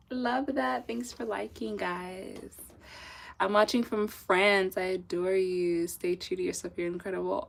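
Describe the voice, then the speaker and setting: A woman's voice: medium pitch, steady tone, measured pace, gravelly. A young woman from southern Africa hosting a casual live stream, chatty and laughing often, reading out viewers' messages. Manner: chatty, laughs often, sprinkles in French phrases. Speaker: livestream host reading chat.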